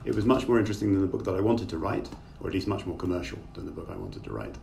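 A very deep, gravelly-voiced middle-aged man talks his way through long, rambling answers, full of ums and restarts. He sits back from his call microphone, and a faint hiss runs under his voice. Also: racing, a little mellow. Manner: thoughtful, rambling, with many fillers. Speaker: author and guest. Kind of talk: conversational interview over a video call. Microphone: remote call microphone. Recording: distant mic with faint noise.

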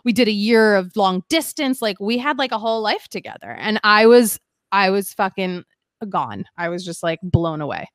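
A woman's voice: mid-range voice, lively intonation, moderate pace, dry recording. Candid young woman telling a painful story. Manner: rambling, heavy use of "like", emotional. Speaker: guest.

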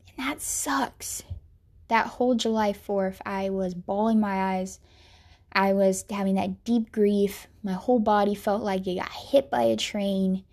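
A young woman earnestly telling a personal faith story, sorrowful and reflective, sometimes dropping to a soft whisper. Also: medium pitch. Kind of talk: personal testimony monologue.

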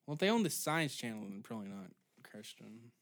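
A man's voice: on the low side, very animated, brisk, a bit bright. A man in his twenties hosting a solo comedy podcast, ranting sarcastically and swearing often. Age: 20s. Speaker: podcast host.

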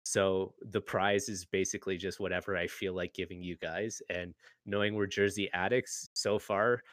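A man's voice: sits low, little pitch movement, moderate pace, fairly bright tone, dry recording. A man hosting a podcast, chatting casually with guests on a call, swearing now and then and laughing easily. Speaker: podcast host.

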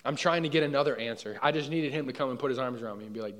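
A young adult man preaching a sermon in a casual, conversational way, often checking that listeners follow and dropping quiet on personal asides. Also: mid-range voice, racing. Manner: conversational, asks the room for agreement.

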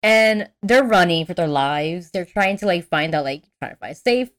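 A young woman podcast host casually recaps a cartoon film, narrating with animation, acting out quotes, and swearing freely. Her voice is fairly low and expressive, and she speaks at a moderate pace.

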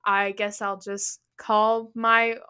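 A young woman co-hosts a casual podcast and tells a story about her own mishap. Her voice is bright and clear. She acts out her panicked lines as she goes. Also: medium pitch, level tone, slow pace. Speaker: podcast co-host.

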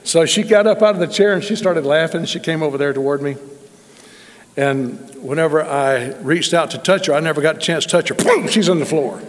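A man's voice: a little high, fairly quick. A middle-aged man telling a testimony in a sermon, folksy and emphatic. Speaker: preacher. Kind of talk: sermon storytelling. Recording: long reverb in a large hall.

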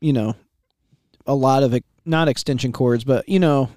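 A man's voice: mid-range voice, moderate pace, a little mellow, no room sound. Laid-back male shop owner hosting, dry close mic. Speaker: shop owner and podcast host. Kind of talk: casual podcast chat.

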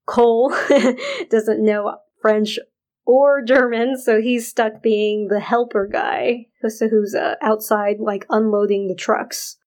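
A woman co-hosting a podcast, recapping a TV episode in a deliberate, chatty way with fillers. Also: on the high side, steady tone, darkish tone, rough recording. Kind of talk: casual chat.

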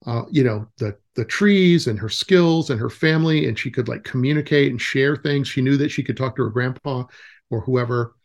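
A nature camp director in his forties rambles through stories as a guest in a laid-back interview, often restarting and using lots of fillers. His voice is medium in pitch and his speed is normal.

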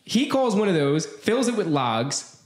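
A man's voice: sits high, big pitch swings, unhurried, echoey room. A man co-hosting a casual livestream podcast, telling a story with jokes and lots of swearing. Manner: profane, storytelling, joking. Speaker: podcast co-host.

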